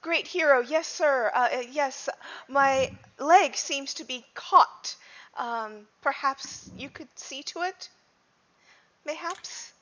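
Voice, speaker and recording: Lady playing a stiff old-timey professor lady, bright voice, kinda dull muffled audio. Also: high-pitched, slow pace. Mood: earnest. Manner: stilted, old-fashioned phrasing with hesitations. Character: formal English woman guest professor, archaic speech.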